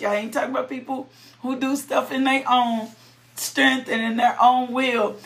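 A woman's voice: high voice, a bit bright. A woman preaching and praying fervently, with repeated thanks, bursts of exclamation, and casual, colloquial talk to her listeners. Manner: fervent, repetitive praise with bursts of exclamation and laughter. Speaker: preacher leading prayer. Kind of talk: prayerful devotional sermon.

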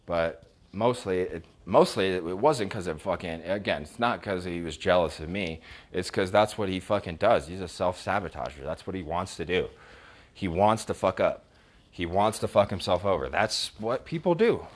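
Very deep-voiced man on a profane rant. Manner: heavy swearing, scornful, stumbling restarts. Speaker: vlogger recounting text messages. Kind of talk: casual storytime rant.

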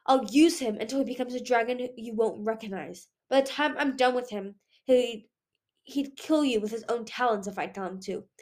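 A woman's voice: a little high, a little mellow, close to an everyday voice. A woman voicing a cruel, hissing dragon queen. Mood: menacing. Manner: slow, menacing, hissing. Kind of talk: audiobook read-aloud.

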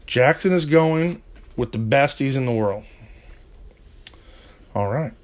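A man's voice: mid-range voice, lively intonation, slow, background noise. Man hosting a casual wrestling chat. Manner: rambling, with frequent fillers and a heated rant. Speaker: podcast host previewing wrestling matches.

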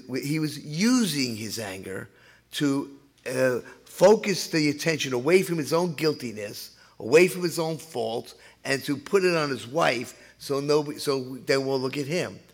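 A man's voice: medium pitch, fairly bright tone. An older man, a pastor, telling a humorous story in a sermon, chatty and full of asides. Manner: chatty, humorous, acts out voices.

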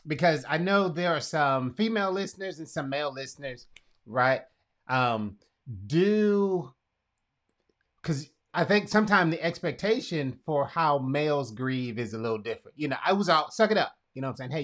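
A man's voice: a little high, animated, moderate pace, a bit bright. A man hosting a casual conversation, asking questions and retelling a Bible story in his own words. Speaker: podcast host.

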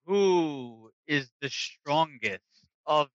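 Man voicing a slow, imperious ancient dragon. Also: a little high, lively intonation, dry recording, lo-fi sound. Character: ancient male dragon, haughty and menacing.

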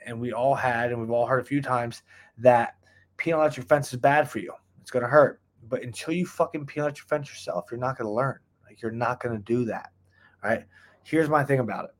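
A man talks straight into the camera from indoors at home, laying out his thoughts in a loose, rambling way. He is blunt and swears freely, and he keeps checking in with "right?" while his pitch stays mid-range. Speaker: self-improvement vlogger. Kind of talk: casual motivational monologue.

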